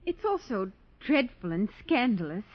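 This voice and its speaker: An actress playing an anxious young heiress in a 1940s radio drama, talking hesitantly and pleadingly. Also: female voice, medium pitch, sing-song, normal speed. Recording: muffled old radio broadcast.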